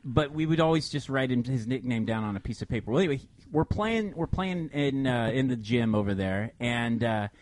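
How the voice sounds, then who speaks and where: A man co-hosting a casual show, telling an animated story and acting out quotes with frequent laughter. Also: mid-range voice, brisk, few pauses, no echo. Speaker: podcast co-host.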